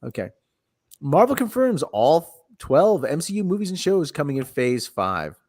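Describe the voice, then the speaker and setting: Sarcastic man with a lively voice. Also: a little high, unhurried. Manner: sarcastic, exasperated, sighs often. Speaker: podcast host. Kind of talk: casual chat about movie news.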